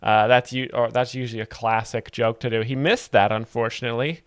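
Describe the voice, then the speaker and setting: A man hosting a comedy show, explaining jokes in a deadpan, halting way full of ums. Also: medium pitch, smooth, no echo, clean studio sound. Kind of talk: deadpan mock commentary.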